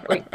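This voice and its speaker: A woman in a casual chat who tells a story, swearing freely and laughing as she goes. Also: low voice.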